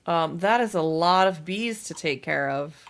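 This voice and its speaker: A young woman chatting casually while livestreaming a game, self-deprecating and quick to laugh. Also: fairly low pitch, expressive. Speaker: streamer. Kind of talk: casual gaming livestream chat.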